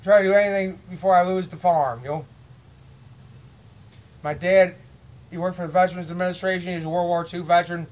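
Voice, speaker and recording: A man's voice: high voice, steady tone, fairly quick, long pauses, darkish tone, dull audio. A middle-aged man from Illinois, rambling to camera at home in an aggrieved tone, often repeating words as he restarts. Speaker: vlogger. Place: at his home.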